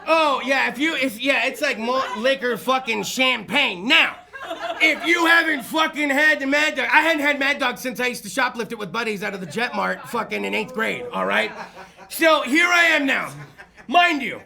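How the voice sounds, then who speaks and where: Brief: excitable, profane male comic, high gravelly voice, shouts punchlines. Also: moderate pace, crowd noise. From Fresno area, California. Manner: loud, crude, excitable, often shouting and laughing. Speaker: comedian. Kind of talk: stand-up storytelling.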